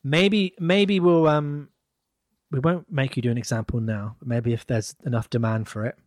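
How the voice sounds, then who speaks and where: A man's voice: medium pitch, steady tone, normal speed, darkish tone, no echo, clean studio sound. Joking, upbeat man. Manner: enthusiastic, joking. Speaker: podcast co-host. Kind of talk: casual chat.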